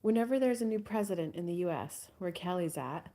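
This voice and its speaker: A woman hosting a live spiritual coaching stream in a casual, soft-spoken way, sometimes dropping to a whisper. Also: lowish voice, expressive, fairly quick. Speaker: host.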